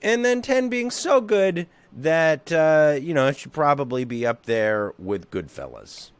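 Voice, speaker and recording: Jokey, lively-voiced male podcast host. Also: on the high side, measured pace, smooth, no echo. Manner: jokey, rambling, puts on silly voices. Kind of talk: casual podcast chat.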